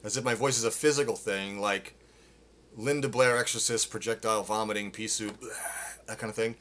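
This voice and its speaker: Bright-voiced male vocal coach. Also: on the low side, fairly even intonation, brisk. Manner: demonstrates with loud sung grunts and vocal exercises; explaining, with restarts and fillers. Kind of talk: live-streamed singing lesson. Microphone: phone.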